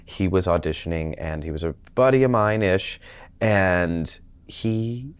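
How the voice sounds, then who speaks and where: A man's voice: sits low, measured pace, clean tone. A man in his thirties, an actor, chatting casually in a podcast interview and acting out the voices of people he talks about. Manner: animated storytelling, mimics other people's voices. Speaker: actor guest.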